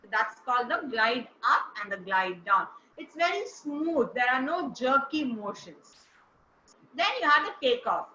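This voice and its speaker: A woman's voice: on the high side, expressive, unhurried, bright, forceful tone, a little hiss or hum. A woman teaching intonation to a class, encouraging and praising students as she goes. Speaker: speech trainer. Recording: roomy, dull-sounding recording.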